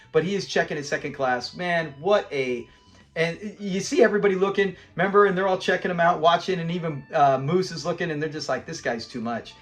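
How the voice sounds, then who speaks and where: A man who hosts a show reviewing a classic sitcom episode. He is animated, laughs often and acts out characters' lines as he retells scenes. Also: sits high.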